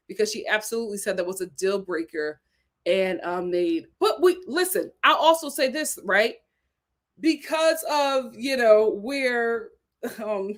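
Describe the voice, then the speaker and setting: Animated woman reacting to live chat. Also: fairly high pitch. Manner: animated, reads viewer comments aloud and reacts emphatically. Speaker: host reading live chat comments. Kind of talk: casual live-stream commentary.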